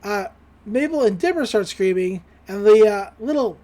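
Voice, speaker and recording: A woman's voice: mid-range voice, expressive, normal speed, mellow. A woman podcast host giving a casual, chatty recap of a cartoon episode and acting out the lines as she goes. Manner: chatty, full of fillers, acts out quotes.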